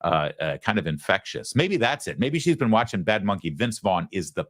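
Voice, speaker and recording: A man hosting a political talk show, giving mocking, animated commentary. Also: lowish voice, normal speed, no room sound, studio quality.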